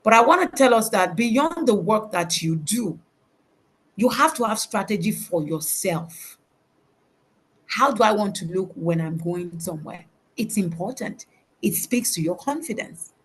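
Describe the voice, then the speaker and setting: A woman's voice: medium pitch, lively intonation, measured pace, breathy edge. A woman giving a faith-based motivational talk over a video call, emphatic and preacherly, repeating her key words. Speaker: motivational speaker.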